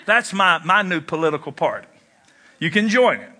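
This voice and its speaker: A man preaching a sermon, animated and jokey, jumping into mock voices and leaping in pitch. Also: moderate pace. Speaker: pastor.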